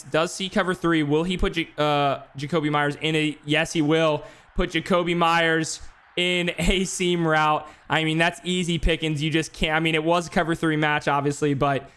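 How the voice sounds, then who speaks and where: A man calling play-by-play for a simulated football game on a live stream, talking fast between plays with casual asides. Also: fairly high pitch, flat delivery, a bit bright, smooth. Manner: rapid play-by-play, filler-heavy asides. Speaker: play-by-play commentator. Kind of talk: esports sim football commentary.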